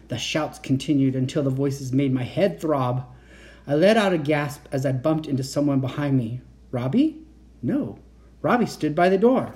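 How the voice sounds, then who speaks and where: A man's voice: mid-range voice, lively intonation, normal speed, darkish tone. A man reading a children's book aloud, narrating the story expressively and acting out the dialogue. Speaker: reader of children's books.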